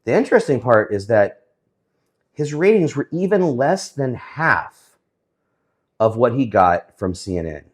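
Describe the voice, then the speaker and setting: A man giving casual, sarcastic commentary on the week's news, often pausing with fillers. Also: medium pitch, big pitch swings, slightly rough. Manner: sarcastic, hesitant with many fillers.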